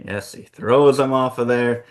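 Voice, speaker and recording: A man hosting a casual fantasy-booking chat, telling the story in an animated way with frequent laughs. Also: medium pitch, a little slow. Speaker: host.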